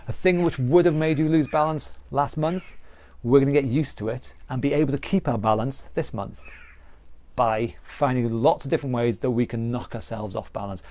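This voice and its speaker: A man's voice: medium pitch, mellow, no echo. A man with a British accent, a fitness instructor explaining training principles in a live online class, earnest and repetitive, with restarts. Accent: British English.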